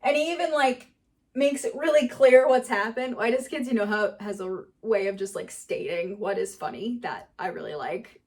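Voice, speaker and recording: A woman teaching sketch comedy writing in a casual, animated way, laughing often and acting out quoted lines. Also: mid-range voice, moderate pace. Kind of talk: casual explainer lesson.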